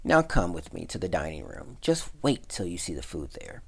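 A man voicing an excitable male town mouse who boasts, exclaims and scoffs in a raised voice. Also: low voice, normal speed, vocal fry, breathy edge, full character voice. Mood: urgent.

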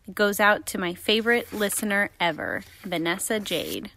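A woman reading a rhyming picture book aloud in a lively storyteller manner. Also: medium pitch, normal speed, gravelly, dry recording. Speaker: insurance agent reading aloud.

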